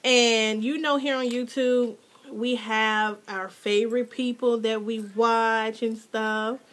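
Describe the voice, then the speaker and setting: A mother filming a casual unboxing vlog at home, gushing and excitable, her voice jumping to squeals when she is thrilled. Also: on the high side, takes it slowly. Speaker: mother and hobby vlogger. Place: home with children nearby.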